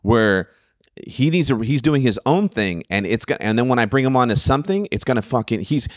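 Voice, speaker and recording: A man's voice: medium pitch, expressive, brisk, dry recording, clean studio sound. A man, a stand-up comic, telling stories in casual podcast chat, rambling with lots of restarts and swearing. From Sacramento. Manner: rambling storytelling with frequent profanity and restarts.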